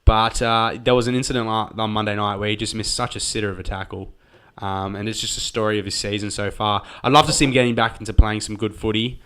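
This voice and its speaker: A man's voice: fairly low pitch, fairly even intonation, fast talker, bright, forceful tone, clean tone. An Australian man co-hosting a casual sports podcast, hesitant and full of restarts but keen. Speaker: podcast co-host.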